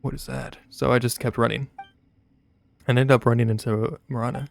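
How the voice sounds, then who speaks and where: A small frightened boy in a video game story, with a man reading his lines in his own voice. The tone stays gravelly and everyday, with little change for the role. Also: mid-range voice, steady tone, moderate pace, close to an everyday voice. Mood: anxious.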